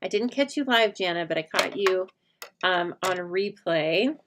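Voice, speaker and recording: A woman's voice: lowish voice, expressive, measured pace, noisy background. A middle-aged woman hosting a crafting livestream, chatting casually and rambling to her viewers while she works. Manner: chatty, rambling, laughs often, talks to viewers by name.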